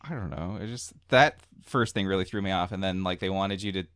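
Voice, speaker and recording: A man with a deep, low voice recounts a story to friends in a loose, meandering way, leaning on filler words and chuckling at himself. The sound is dry and close, with no room around it. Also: brisk, a bit bright, no room sound. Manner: rambling storyteller, filler-heavy, laughing asides. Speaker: podcast co-host. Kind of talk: casual chat.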